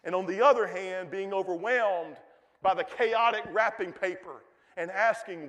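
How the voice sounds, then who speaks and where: A man's voice: high-pitched, normal speed, fairly bright tone, in a large hall. A man, a pastor preaching a folksy, emphatic sermon in a church.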